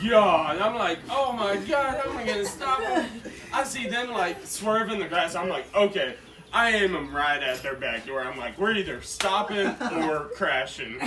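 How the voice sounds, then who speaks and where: A man casually telling a story as a cowboy, animated and laughing often as he talks. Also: high voice. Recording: echoey room from far off with loud crowd.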